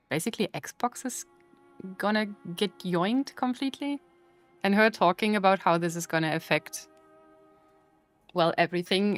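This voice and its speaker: A woman streamer chatting casually with her live chat while playing, playful and full of mock outrage. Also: fairly low pitch.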